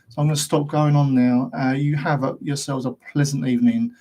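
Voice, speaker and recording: British male host, mid pitch, casual rambling rant to camera, rhetorical questions. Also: fairly even intonation, fairly quick, darkish tone, a little hiss or hum. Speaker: host of a paranormal investigation channel.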